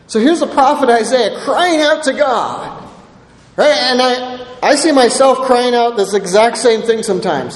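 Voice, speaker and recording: Pastor, male, very high-pitched, earnest sermon delivery, roomy hall reverb. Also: lively intonation. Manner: earnest, repeats "right?" often, reads scripture slowly. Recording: echoey hall with long reverb.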